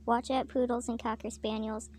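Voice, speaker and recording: A woman voicing a yappy, alarmist little dog in a shrill, loud way. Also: little pitch movement, normal speed, a little hiss or hum, natural voice. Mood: alarmed.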